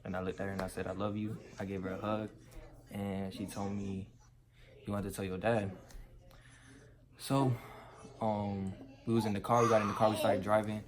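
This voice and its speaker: A man's voice: on the low side, little pitch movement, moderate pace, pauses often, a crowd in the background. A teenage man, telling his story casually and quoting his parents in slangy talk. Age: teens. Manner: laid-back, slangy, quotes his parents.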